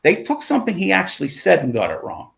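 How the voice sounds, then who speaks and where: Male Bible study teacher, gravelly, casual and digressive, muffled lo-fi sound. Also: high-pitched, wildly swooping pitch, fast talker, a bit bright. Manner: conversational, digressive, chuckling asides.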